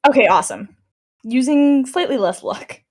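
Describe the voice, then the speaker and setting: A woman playing a tabletop game with friends, talking quickly and playfully. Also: sits high, animated, a little mellow. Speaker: player. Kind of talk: tabletop role-play chat.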